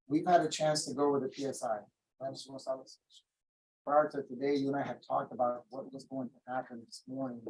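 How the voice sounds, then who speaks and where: A man acting as defense attorney in a courtroom, speaking haltingly and repeating words as he sets up questions. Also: mid-range voice, little pitch movement, a little mellow, husky, poor audio. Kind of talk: courtroom proceedings.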